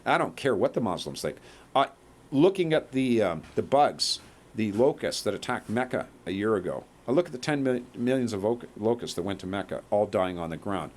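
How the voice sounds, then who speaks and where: A man's voice: on the low side, expressive, normal speed. A man in a rambling monologue to viewers, emphatic and checking in with "okay?" and "eh?". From Canada.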